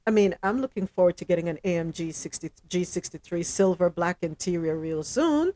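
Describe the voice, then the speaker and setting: A woman hosting a podcast in casual chat, blunt and animated, often laughing. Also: lowish voice, fairly quick. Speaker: podcast host.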